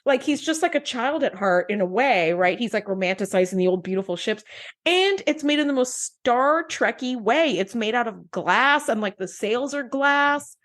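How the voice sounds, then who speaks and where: A woman co-host chatting away in a casual podcast conversation. Her voice sits a little high, and she gushes with enthusiasm. She fills her sentences with "like.". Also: expressive, moderate pace, fairly bright tone. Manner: gushing, enthusiastic, full of "like". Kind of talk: casual chat.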